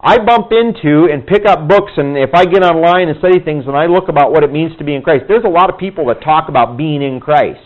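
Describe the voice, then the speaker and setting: A man teaching a Bible class in a casual, conversational way, acting out quoted people in higher voices. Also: brisk, hardly any pauses. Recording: dull lo-fi room recording.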